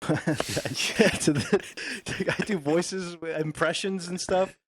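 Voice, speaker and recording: A man's voice: sits high, very slow. A man hosting a podcast, encouraging his guest, laughing often and asking rambling questions. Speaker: podcast host. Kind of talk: casual podcast chat.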